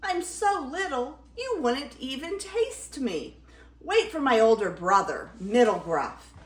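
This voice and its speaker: Grandma doing a squeaky, high little goat, pleading, echoey room. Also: female voice, very animated, slow, distant mic, heavily acted. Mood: pleading, eager. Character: tiny timid young billy goat. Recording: roomy echo.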